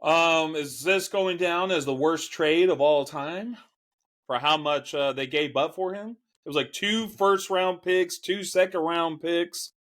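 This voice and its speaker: Laid-back high-voiced male co-host. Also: a little slow, a bit bright. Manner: laid-back, laughs often. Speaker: podcast co-host. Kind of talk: casual sports chat.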